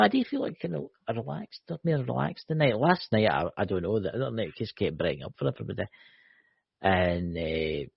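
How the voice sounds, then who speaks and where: Scottish male co-host, low gravelly voice, playful teasing delivery, lo-fi video-call sound. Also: no room sound. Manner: joking, teasing, lots of "you know". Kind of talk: casual live-stream chat. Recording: dull lo-fi call audio.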